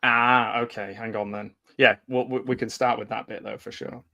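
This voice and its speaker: A man's voice: mid-range voice, little pitch movement, moderate pace, pushed and bright. A man co-hosting a casual movie watch-party stream, hesitant and self-deprecating, laughing often. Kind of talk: casual chat.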